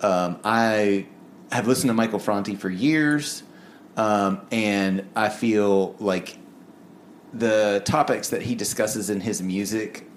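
On a music review show, a male co-host chats casually and earnestly, rambling with plenty of fillers. His voice is lowish and slow, with a little hiss or hum in the audio.

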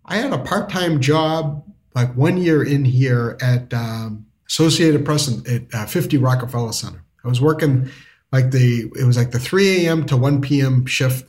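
A man's voice: medium pitch, normal speed, darkish tone. A man telling a personal story in a casual interview, rambling with restarts and lots of filler words. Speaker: storyteller guest.

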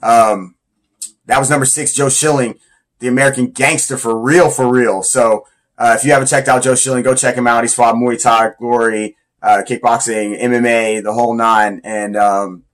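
A man's voice: medium pitch, steady tone, normal speed. A man who fights Muay Thai, talking casually and enthusiastically as he counts down his influences. He rambles a little and uses slang.

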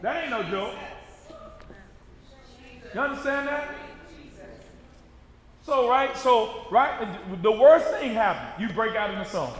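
A man preaching a sermon with call-and-response, repeating his lines for the congregation and rising to emphatic shouts. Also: extremely high pitch, lively intonation, takes it slowly, pauses often. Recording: echoey hall, mic far off, audience.

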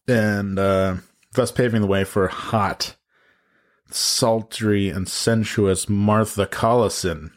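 A man co-hosting a podcast, telling crude, excitable stories in casual comedic chat. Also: lowish voice, takes it slowly. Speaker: podcast co-host.

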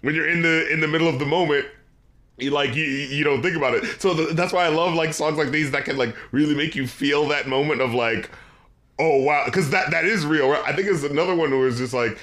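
A man's voice: fairly high pitch, fairly quick, a bit bright. A man co-hosting a podcast, chatting casually about an album, laughing often and acting out lines. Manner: laughs often, acts out lyrics and imagined dialogue. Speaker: podcast co-host. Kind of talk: casual album review chat.

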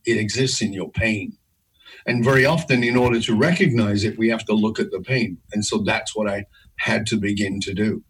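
Brief: middle-aged man, husky voice, intense emphatic storyteller. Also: low-quality recording. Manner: intense, emphatic storytelling with big pitch swings. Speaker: guest, leadership speaker. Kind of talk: storytelling interview.

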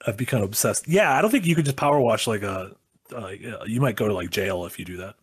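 A man's voice: fairly low pitch, expressive, fast talker, breathy edge. A man co-hosting a casual stream, upbeat and encouraging as he thanks donors. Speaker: stream co-host.

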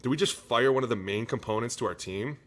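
A man co-hosting a football podcast in casual, animated chat, swearing freely and saying "dude" a lot. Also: mid-range voice, quick pace. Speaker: podcast co-host, former lineman.

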